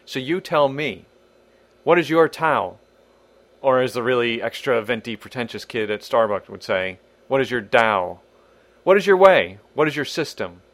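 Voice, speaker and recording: A man's voice: medium pitch, no echo. A man hosting a podcast in a wry, irreverent monologue, swearing casually. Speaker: podcast host.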